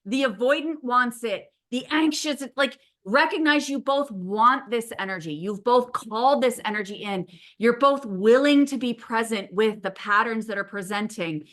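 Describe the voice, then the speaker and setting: A middle-aged woman hosting a casual podcast, an animated storyteller who talks openly and swears now and then. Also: a little high, moderate pace, few pauses. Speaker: podcast host.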